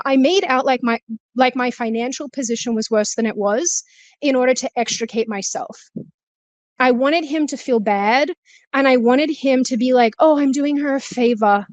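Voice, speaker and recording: A woman's voice: high voice, dry recording. Woman guest, candid and emotional, stressed and a bit short of breath; dry, close recording. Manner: emotional, confessional, laughs often. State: stressed, out of breath while walking. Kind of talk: candid conversation. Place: walking, then sitting, on a remote call.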